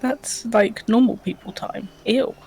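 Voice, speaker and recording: A woman's voice: a little high, steady tone, measured pace, a little mellow, slight background noise. A woman chatting casually on a game livestream, reading out viewer comments, hesitant with lots of ums and giggles. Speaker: livestream co-host.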